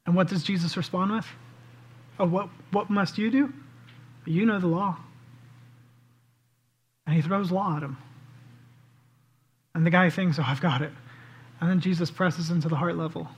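A man's voice: sits high, fairly even intonation, moderate pace, pauses often, husky. A male pastor preaching a sermon with passion, acting out the people in the story as he goes. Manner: impassioned preaching, acts out the voices of the people in the story.

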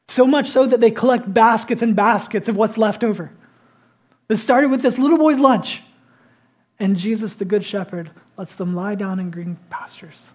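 A man preaching a sermon, conversational and animated, often dropping to a hush for emphasis. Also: high voice, a little fast. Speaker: pastor.

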